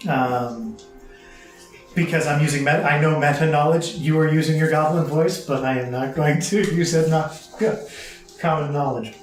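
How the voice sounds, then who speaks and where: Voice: medium pitch, moderate pace, faint music behind. A player in a casual tabletop game who talks hesitantly, with fillers and frequent laughs. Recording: echoey room, heard from a distance.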